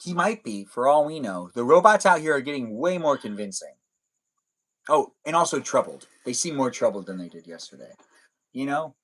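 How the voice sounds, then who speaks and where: A man's voice: mid-range voice, very animated, normal speed, fairly bright tone, rough recording. Rambling man hosting a live stream. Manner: rambling, repeats his own catchphrases. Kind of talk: casual live stream chat.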